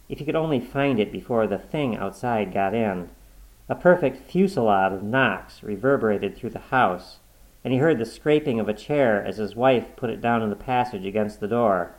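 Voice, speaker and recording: A man reading a horror story aloud in a measured, suspenseful narration. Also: on the low side, poor audio.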